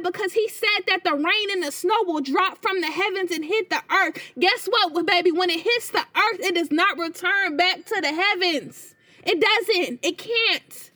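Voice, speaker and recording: A woman's voice: very high voice, a bit bright. A woman reading scripture and then preaching informally. She speaks with emphasis and keeps repeating her key phrases back to the listeners. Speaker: devotional speaker.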